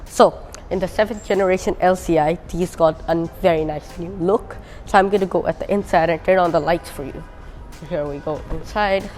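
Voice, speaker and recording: A woman's voice: fairly low pitch, brisk, darkish tone, soft background music. A woman reviewing a car on camera, casually pointing out its features as she walks around it. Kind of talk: walkaround car review vlog.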